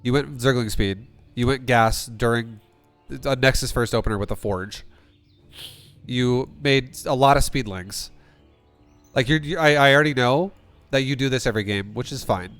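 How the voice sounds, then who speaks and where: A man's voice: mid-range voice, fairly bright tone, smooth. A man coaching a player through a game replay, blunt and rambling, swearing often and restarting sentences. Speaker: StarCraft coach. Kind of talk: casual replay coaching with profanity.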